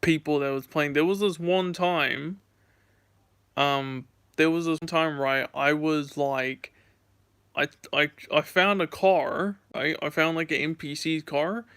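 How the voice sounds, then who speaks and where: A man's voice: a little high, steady tone, slow, fairly bright tone, clear, resonant tone, no room sound. A young man streaming from home, telling gaming stories in a rambling, filler-heavy casual chat.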